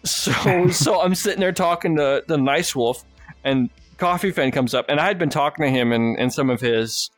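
A man's voice: on the high side, normal speed, no room sound, soft background music. A man hosting a podcast, telling rambling stories with lots of swearing and laughter. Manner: rambling storyteller, swears freely, laughs often. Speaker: podcast host. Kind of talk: casual chat.

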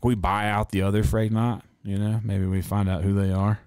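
Young male podcast host, low voice, dry close sound, rambling and profane. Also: little pitch movement, normal speed, darkish tone, clear, resonant tone, dry recording. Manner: rambling, profane, laughing asides. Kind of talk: casual chat.

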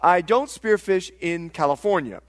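A middle-aged male pastor preaching a sermon, swinging dramatically between loud cries and hushed tones. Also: sits high, animated, moderate pace.

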